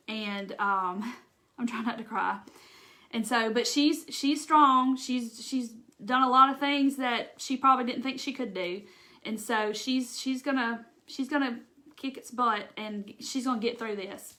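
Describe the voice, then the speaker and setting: A middle-aged woman with a Southern US accent, hosting a casual craft livestream and chatting with viewers. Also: on the high side. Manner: chatty, warm-hearted, says y'all, tearful at times. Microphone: phone or webcam livestream.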